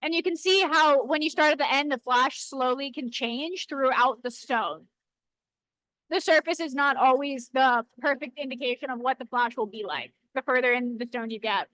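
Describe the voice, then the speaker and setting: Chatty high-voiced woman in a workshop. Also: moderate pace, a bit bright, low-quality recording. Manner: chatty, playful, self-correcting. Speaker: lapidary shop co-host filming. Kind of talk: casual chat while demonstrating. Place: indoor workshop by a rock saw. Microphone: handheld camera.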